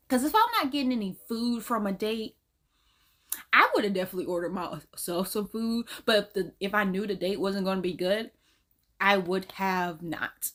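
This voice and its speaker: A woman's voice: medium pitch, moderate pace, fairly bright tone. A woman reacting to a video in casual commentary, incredulous and laughing, with loose slang. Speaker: reaction host.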